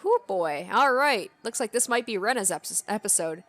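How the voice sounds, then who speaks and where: A woman's voice: mid-range voice, animated, moderate pace, fairly bright tone, faint music behind. A woman hosting a game playthrough, dropping wry asides between passages. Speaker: let's play host. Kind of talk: casual playthrough commentary.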